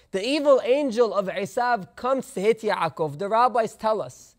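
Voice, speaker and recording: A rabbi giving a sermon, telling a parable in an animated way and sprinkling in Hebrew terms. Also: male voice, very high-pitched.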